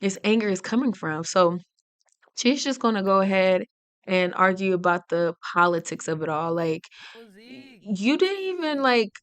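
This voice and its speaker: A woman gives casual let's-play commentary on a life-sim game and narrates what her characters feel. She talks in a chatty, giggly way, and her voice is clear and smooth. Her pitch sits slightly low for a woman. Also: normal speed, no room sound. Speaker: gaming channel host.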